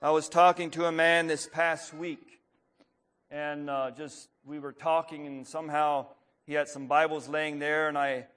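Preacher man reading a story, higher voice. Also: level tone, fairly bright tone. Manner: reads a story aloud, then preaches plainly with pauses and fillers; clears his throat often.

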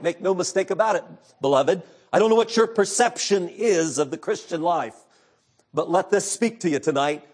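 A man preaching an evening sermon, earnest, moving between hushed, quiet passages and impassioned outbursts. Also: sits high, lively intonation, moderate pace.

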